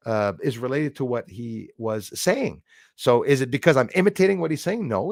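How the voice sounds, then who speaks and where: A man's voice: medium pitch, gravelly, no echo, clean studio sound. A man hosting a live stream in a casual way. He rambles emphatically, with many fillers, and reads out chat comments.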